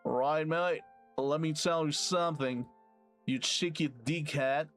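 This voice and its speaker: A man's voice: high-pitched, normal speed, fairly bright tone, clean tone, soft background music, voice pushed up. A man putting on a crude, hot-headed Australian bloke who swears and threatens. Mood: aggressive.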